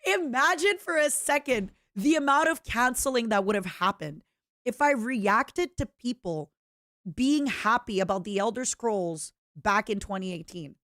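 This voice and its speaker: A woman's voice: on the high side, expressive, measured pace, fairly bright tone, no echo, clean studio sound. A woman streamer chatting casually and reading viewer letters aloud, in a playful, self-mocking way.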